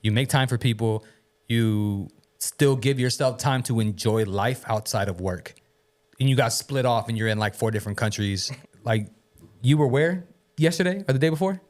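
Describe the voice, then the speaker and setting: A man's voice: mid-range voice, normal speed. A young man hosting a podcast in a laid-back, slangy way, often laughing as he talks. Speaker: podcast host. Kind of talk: casual podcast chat.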